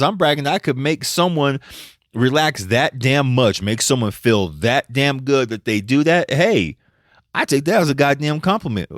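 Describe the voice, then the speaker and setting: A man's voice: mid-range voice, lively intonation, normal speed, fairly bright tone, no room sound, clean studio sound. A man hosting a podcast, talking casually and bluntly, swearing freely and laughing often. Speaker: podcast host.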